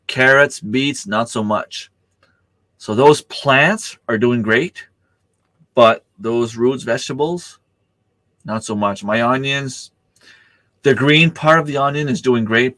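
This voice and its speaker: A man's voice: mid-range voice, a bit bright, no room sound. A middle-aged man, hosting a casual livestream chat, rambling with many fillers and restarts while he has the hiccups. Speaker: livestream host.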